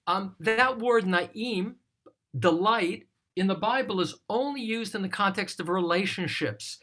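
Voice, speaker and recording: A teacher leading a text study, explaining scripture in a deliberate, thoughtful way and lingering on single words. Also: medium pitch, fairly bright tone. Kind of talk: slow explanatory scripture lesson.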